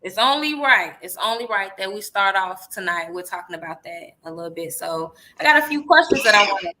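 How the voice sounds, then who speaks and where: A woman's voice: mid-range voice, expressive, a little fast, bright, forceful tone, low-quality recording. A woman hosting a podcast, chatty and hyped, swearing casually. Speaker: podcast host.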